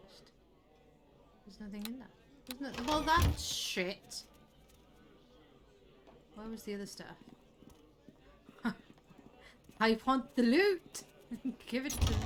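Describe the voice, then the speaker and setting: A woman streaming a game live, chatting away excitably and swearing now and then. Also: on the high side, noisy background. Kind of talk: live gameplay commentary.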